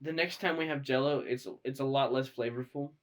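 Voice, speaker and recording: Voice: steady tone, a little fast. A young adult co-hosting a podcast in casual, playful chat with friends. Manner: playful, joking, bursts into high squeals. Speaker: podcast co-host.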